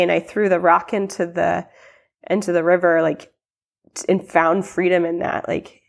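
A young adult woman, a guest on a podcast interview, shares her testimony, rambling with many fillers and restarts and acting out quoted lines. Her voice is medium-pitched with vocal fry.

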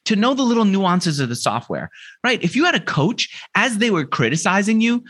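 Animated man telling stories. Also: a little high, fairly quick. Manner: animated, acts out quoted dialogue. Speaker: podcast guest. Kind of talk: conversational storytelling.

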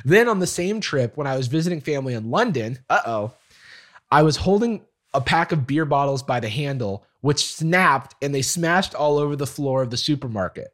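A man's voice: a little high, expressive, moderate pace, fairly bright tone. A man co-hosting a podcast, reading a listener's email aloud and breaking off to laugh and comment. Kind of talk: casual chat, reading a letter aloud.

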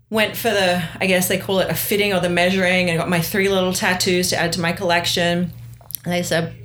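A middle-aged woman chats casually, telling a story with lively energy. She acts out what other people said as she goes. A little faint noise sits behind her voice. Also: on the low side. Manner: animated, acts out quoted dialogue. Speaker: guest sharing her story.

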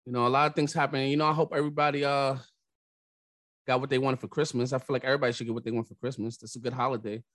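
A man's voice: mid-range voice, little pitch movement, racing, dry recording, studio quality. A young man hosting a podcast, telling exaggerated comic stories in a profane rant with sudden outbursts. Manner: profane, exaggerated storytelling with bursts of shouting. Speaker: podcast host. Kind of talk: comedic rant monologue.

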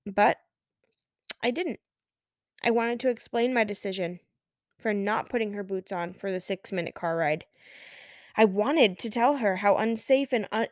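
A woman in her thirties hosting a solo podcast, who tells a parenting story in a calm, measured way with audible sighs. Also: on the high side, no echo, clean studio sound. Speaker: podcast host and mother.

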